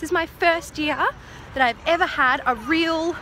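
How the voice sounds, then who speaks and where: A woman's voice: high voice, unhurried, sharp tone, a little hiss or hum. Giggly chatty woman vlogger. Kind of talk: casual family vlog chat.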